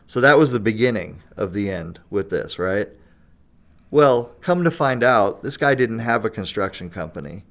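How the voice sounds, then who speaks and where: Chatty storytelling man, smooth low voice. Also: expressive, normal speed, fairly bright tone. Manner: chatty, laughing, keeps asking "right?". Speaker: guest storyteller. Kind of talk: casual storytelling in conversation.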